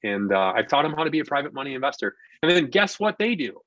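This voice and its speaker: A man in his forties, an investor and contractor, tells a story casually as a podcast guest. He's an animated storyteller who acts out the people he quotes, speaking quickly with a high-leaning voice, and the audio is dull with no echo.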